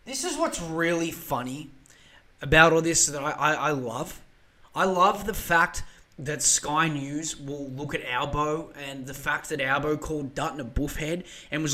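A man, hosting a podcast and ranting casually about politics in a lively, profane, mocking way. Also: a little high, measured pace. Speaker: podcast host.

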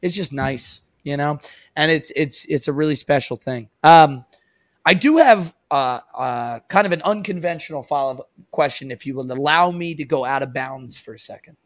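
A man's voice: on the high side, moderate pace, no echo. Rambling podcast host in his thirties. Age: 30s. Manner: rambling, animated, casual swearing. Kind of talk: casual chat.

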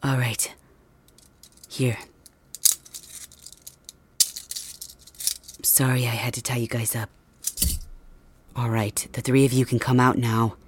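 Lady voicing a low-key young illusionist guy, slow, even and a bit breathy. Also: full character voice. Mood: calm. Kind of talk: audio drama role-play.

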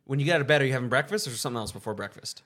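A man's voice: mid-range voice, animated, racing, a bit bright. A young man co-hosting a podcast in casual chat, joking and teasing, swearing and laughing easily. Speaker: podcast co-host.

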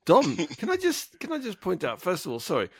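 A young man hosts a casual podcast, teasing his friends and laughing often. His voice sits at a middle pitch with lots of lift and fall. The sound is dry. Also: huge pitch swings, a little fast, husky, dry recording. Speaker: podcast host. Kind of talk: casual chat.

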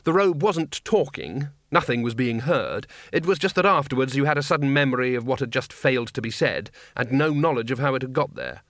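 Guy reading a funny fantasy audiobook, steady and dry, no room sound. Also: mid-range voice, brisk, few pauses, no echo. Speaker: audiobook narrator. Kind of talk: scripted comic fantasy narration.

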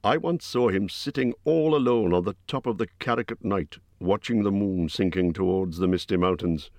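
A man's voice: deep voice, normal speed, a little mellow, no echo. A man voicing an old male wizard who is stern, testy and lecturing.

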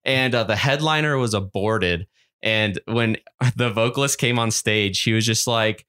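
A man's voice: lowish voice, measured pace, pushed and bright, clear, resonant tone. A man co-hosting a podcast in a casual chat, rambling and swearing a lot as he tells stories and often laughs. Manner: profane, rambling storyteller who laughs often. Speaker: podcast co-host.

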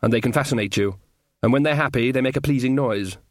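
A man voicing a flustered young queen, brisk and distracted, in a comic fantasy audiobook. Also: fairly high pitch, expressive, no echo, studio quality.

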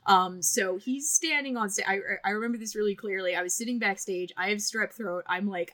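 A woman hosting a podcast in casual chat. She tells stories in an animated way and swears freely. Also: medium pitch, fairly quick, hardly any pauses, dry recording. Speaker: podcast host.

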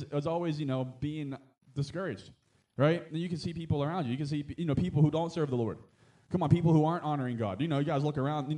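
Fast-talking pastor preaching a sermon. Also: male voice, a little high, warm tone. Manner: conversational preaching with frequent amens and asides; rises to emphatic exhortation.

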